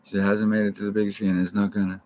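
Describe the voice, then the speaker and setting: A man's voice: on the low side, level tone, racing, a little mellow, a little hiss or hum, low-quality recording. A man from Canada rambling profanely to camera, jumping from topic to topic.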